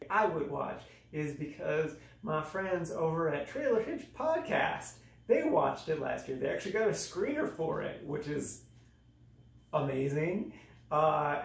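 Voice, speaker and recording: Young man reviewing movies in an echoey room. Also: creaky. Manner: exaggerated, self-mocking, dramatic swings in pitch. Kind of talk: casual comedic review monologue. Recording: echoey room, voice a bit off-mic.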